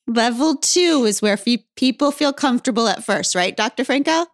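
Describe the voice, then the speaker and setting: A woman's voice: on the high side, animated, moderate pace, no echo, clean studio sound. A woman hosting a podcast, interviewing a guest and earnestly wrapping up the episode. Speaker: podcast host.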